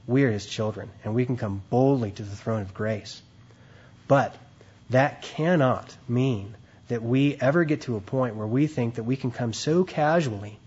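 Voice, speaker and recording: Husky man preaching a conversational sermon. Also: medium pitch, a little mellow, lo-fi sound. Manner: conversational teaching with frequent "right?" and "okay?" asides; reads scripture aloud, then explains it.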